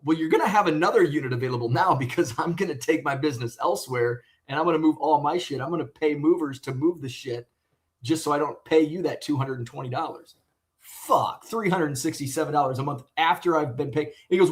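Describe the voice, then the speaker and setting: Guy ranting on his card vlog, rambly, swears a lot, mid-pitch voice. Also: normal speed. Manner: rambling and profane, retelling with exasperation. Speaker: sports card collector vlogger. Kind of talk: casual venting monologue.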